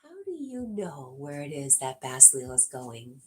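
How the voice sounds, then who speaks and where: A woman with a low voice hosts a casual livestream, reading out chat messages and answering each viewer in turn. She talks in a chatty, easygoing way and often breaks into laughter between comments. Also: sing-song, unhurried, a little mellow.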